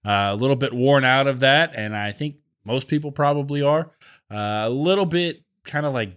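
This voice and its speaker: Man, podcast co-host, casual chat, laid-back, measured. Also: mid-range voice, fairly bright tone, clear, resonant tone.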